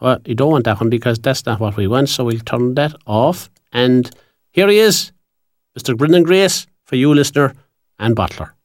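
A man's voice: medium pitch, moderate pace, dry recording, studio quality, faint music behind. A man with an Irish accent presenting on local radio, reading out notices in a chatty, rambling way that loses its thread at times. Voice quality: chatty, rambling, loses his train of thought. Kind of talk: casual radio announcements and sign-off. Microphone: studio microphone.

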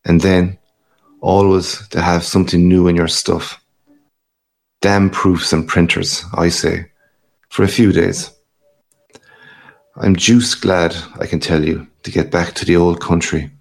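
A boisterous, worldly journalist with a hearty, boastful swagger, as a man puts him on. He teases and brags in a low, gravelly voice. The lines come out lively and pushed up above the reader's plain tone. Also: measured pace, pauses often.

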